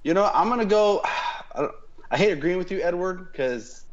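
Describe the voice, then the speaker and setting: A man's voice: high-pitched, animated, moderate pace, highs cut off. A man co-hosting a football podcast, chatting casually and thinking aloud with fillers. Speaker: podcast co-host.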